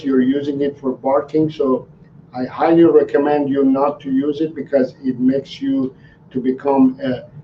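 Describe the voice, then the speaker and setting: A dog trainer answers viewers' questions on a live stream, speaking slowly and haltingly with lots of ums and restarts. His voice is medium-pitched. The audio sounds roomy, distant, and dull, with faint noise.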